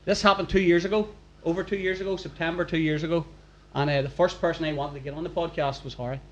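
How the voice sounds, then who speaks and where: Man, podcast host, upbeat chatty prompting, slightly high voice. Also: steady tone, fast talker, dull audio. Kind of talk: hosting a live podcast recording. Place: packed function room.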